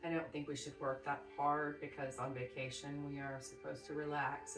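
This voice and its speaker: A woman guiding a yoga class with slow, soothing breath cues. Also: sits low, level tone, recorded from a distance, soft background music. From Texas. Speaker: yoga teacher. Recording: roomy sound from off the mic.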